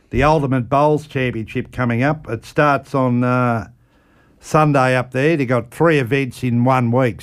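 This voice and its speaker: A man's voice: mid-range voice, clean tone. A man with an Australian accent giving a casual lawn bowls report on community radio, rambling with frequent fillers. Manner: rambling, with frequent ums and uhs.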